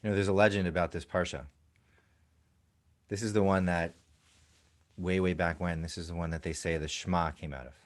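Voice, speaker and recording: A man with a deep, low voice gives a sermon at a prayer service. He tells a legend gently, sometimes hushing softly. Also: steady tone, fairly quick, long pauses. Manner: gentle storytelling, soft hushing sounds.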